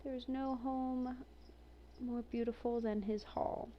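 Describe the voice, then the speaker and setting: A woman's voice: fairly high pitch, steady tone, slow pace, highs cut off, a little hiss or hum. A woman chatting casually and with amusement as she reviews a game collection, reading entries aloud between her own comments. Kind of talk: casual commentary while browsing.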